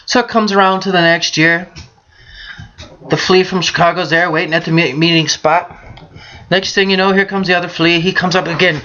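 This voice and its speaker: A woman's voice: lowish voice, a little fast, pushed and bright, dull audio. A woman vlogging casually over a beer, telling crude jokes in a brash, joking manner. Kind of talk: casual beer-drinking vlog with bawdy jokes.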